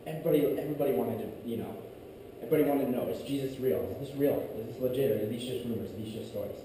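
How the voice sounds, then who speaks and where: A young man speaks to a youth group, telling a personal story in a casual, rambling style. His voice sits at an ordinary pitch and is picked up from a distance, with long echo filling the hall and room noise behind him. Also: racing. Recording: echoey distant room audio. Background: room ambience.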